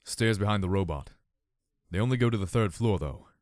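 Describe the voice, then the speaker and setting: A hoarse man voicing a calm male pony who speaks coolly without raising his voice. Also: lowish voice, takes it slowly, no echo. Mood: cold. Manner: cool, level, never raised. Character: calm, cold male pony former slave.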